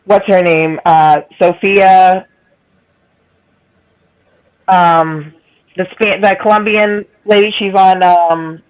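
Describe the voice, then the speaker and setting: A woman with a Boston accent and a raspy, nasal voice, rambling in casual chat. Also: on the low side, steady tone, slow, long pauses, muffled recording. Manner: rambling, self-deprecating, laughs often. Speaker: livestream guest.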